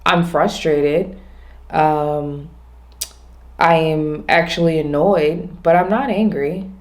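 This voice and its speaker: A woman vlogging alone, talking through her day in a rambling, reflective way, often restarting and slowing down on her main points. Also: low voice, fairly even intonation. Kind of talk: casual reflective monologue.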